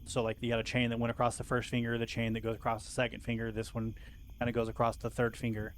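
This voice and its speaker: A man narrating and voicing characters as game master of a tabletop game, in a halting, casual way with fillers. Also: medium pitch, monotone, a little hiss or hum.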